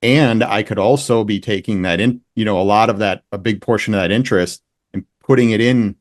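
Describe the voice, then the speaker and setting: Low-voiced man explaining at length. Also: a little fast, no room sound, clean studio sound. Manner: explanatory, builds long reasoned points. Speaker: panel guest. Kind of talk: casual round-table chat.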